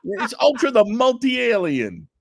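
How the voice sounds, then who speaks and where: A middle-aged man chatting excitedly in an interview, telling stories fast with stammered restarts. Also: extremely high pitch, creaky, husky, no echo, studio quality. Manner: enthusiastic, rapid storytelling with stammered restarts. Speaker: comic book writer guest. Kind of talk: excited podcast interview chat.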